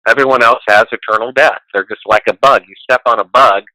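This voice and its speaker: A man's voice: medium pitch, fairly even intonation, brisk, pushed and bright, no echo, low-quality recording. A man speaking as a guest in a casual conversation, rambling and emphatic in a preachy way.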